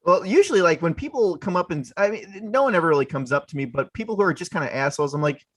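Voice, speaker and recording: Easygoing man with a raised pitch. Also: expressive, no room sound. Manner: easygoing, tosses in quick impressions. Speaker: podcast co-host. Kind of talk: casual chat.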